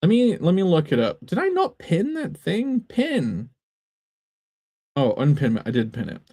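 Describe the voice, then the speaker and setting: Rambling man streaming, lively pitch. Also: measured pace, slightly rough, no room sound, studio quality. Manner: rambling, self-interrupting, joking. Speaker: comic book creator and streamer. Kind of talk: casual live-stream chat.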